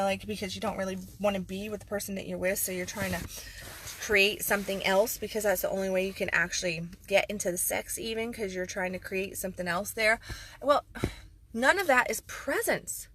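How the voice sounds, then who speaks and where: A woman's voice: medium pitch, little pitch movement, fairly quick, fairly bright tone, a little hiss or hum. A woman life coach talking frankly and emphatically in a casual video monologue, with sarcastic asides.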